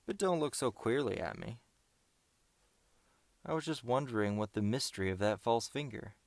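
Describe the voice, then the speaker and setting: A man's voice: mid-range voice, expressive, normal speed, no echo, lightly acted. A man voicing a secretive adult companion who talks in a half-comical, coaxing way, in an audiobook.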